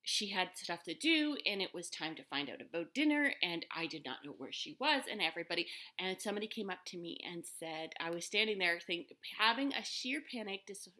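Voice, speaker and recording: Chatty lady rambling through a story, bright voice, lots of ums. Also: on the low side, expressive, brisk, hardly any pauses. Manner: chatty, rambling with many fillers and restarts. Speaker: vlogger telling a personal story. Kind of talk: casual storytelling.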